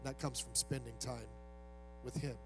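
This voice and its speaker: A man's voice: mid-range voice, fairly even intonation, moderate pace, background noise. A male pastor preaching a sermon in a loose, conversational way, acting out quoted voices as he goes.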